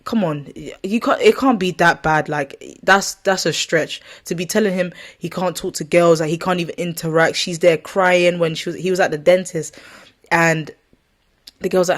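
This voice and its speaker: A woman's voice: fairly low pitch, fairly even intonation, normal speed. Woman, vlogger, casual rant, rambling, exasperated, self-correcting.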